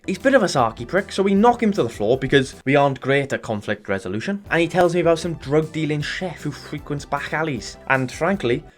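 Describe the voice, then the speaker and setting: A British man giving sweary, sardonic comedic voice-over commentary on a game. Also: fairly high pitch. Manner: sardonic, sweary deadpan jokes. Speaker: gaming YouTuber.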